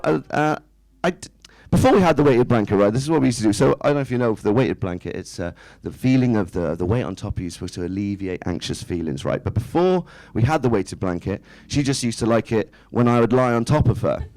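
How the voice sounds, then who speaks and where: Self-mocking stand-up comedian. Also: male voice, medium pitch, big pitch swings, a little fast, darkish tone, poor audio. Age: 30s. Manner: chatty, self-mocking, with rhetorical asides to the crowd. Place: small indoor comedy club stage.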